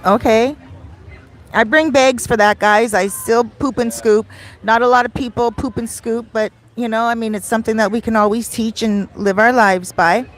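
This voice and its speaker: A woman's voice: fairly high pitch, fairly even intonation, moderate pace. A middle-aged Canadian woman with a Canadian accent, chatting casually on a beach livestream and reading viewer comments aloud. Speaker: vlogger. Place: outdoors on a beach. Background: faint outdoor street noise.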